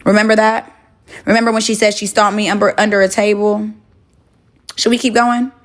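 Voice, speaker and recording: A woman's voice: medium pitch, little pitch movement, a little fast. A young woman on a phone livestream from her home kitchen, chatting casually and bluntly with viewers, swearing and arguing back at them. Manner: blunt, profane, argumentative.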